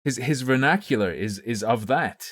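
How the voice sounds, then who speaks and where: A man's voice: mid-range voice, animated, normal speed, fairly bright tone, no room sound, clean studio sound. A man streaming live, chatting casually and thinking aloud in a rambling, profane way. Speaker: livestreamer.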